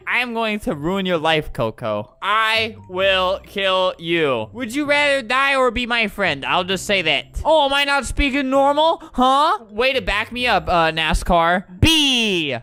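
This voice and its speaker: A bright, sharp-toned voice giving casual gameplay commentary, with a very animated pitch that swings up and down. The delivery is sarcastic and exasperated, often breaking into laughter. Faint game music plays underneath. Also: moderate pace, hardly any pauses, clean tone. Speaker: gaming video creator.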